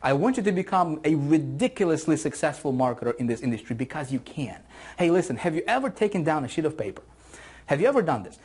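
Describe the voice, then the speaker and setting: A man's voice: a little high, sing-song, quick pace, darkish tone, breathy edge. A man teaching an online marketing course in a motivational video lesson, talking with energy and enthusiasm and repeating phrases for emphasis.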